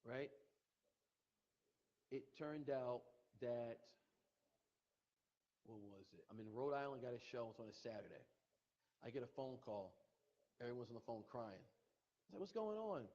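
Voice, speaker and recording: Husky man telling a painful story. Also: medium pitch, animated, measured pace, long pauses, a little mellow. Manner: emotional, repetitive retelling with quoted dialogue. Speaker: podcast guest. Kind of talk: personal storytelling. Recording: muffled podcast audio.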